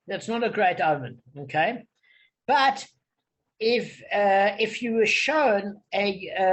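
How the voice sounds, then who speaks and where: A man from Africa, leading an online Talmud study group and explaining patiently, often checking that everyone follows. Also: high-pitched. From South Africa.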